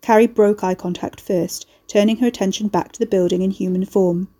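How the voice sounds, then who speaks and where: A woman reading a story aloud as audiobook narrator, in measured storytelling. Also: mid-range voice, fairly even intonation, dark tone. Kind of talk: scripted narration.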